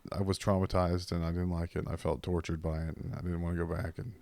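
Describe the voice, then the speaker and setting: A man with a fairly low voice talks through a loose comedy podcast chat. He jokes freely and keeps dropping into brief put-on voices. The sound is close and dry, with no room around it. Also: flat delivery, vocal fry, dark tone, no room sound. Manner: joking, slips into quick put-on voices.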